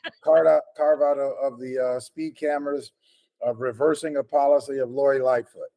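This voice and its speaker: A man, a podcaster and activist guesting on a political talk show, measured and precise. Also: medium pitch, steady tone, gravelly, dark tone. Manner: measured, precise, careful with words.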